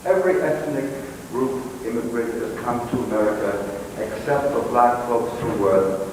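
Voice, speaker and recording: A man with a Brooklyn accent performing a poetic one-man stage show, telling stories with animated delivery, recorded from far off in a theater. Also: mid-range voice, normal speed. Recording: distant echoey hall, noisy.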